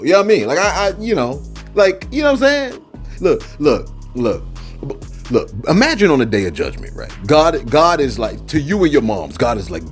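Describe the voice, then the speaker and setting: A man's voice: fairly high pitch, moderate pace, soft background music. A man hosting a celebrity news channel, joking in casual commentary with lots of fillers. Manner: animated, joking, many fillers and repeated "man" and "look".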